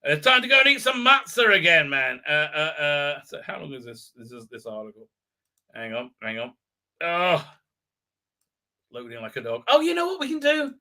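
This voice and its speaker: Man, live-stream host, casual review chat, rambling, sardonic, high-pitched. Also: huge pitch swings, normal speed, sharp tone. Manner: rambling, many filler ums and uhs, sardonic.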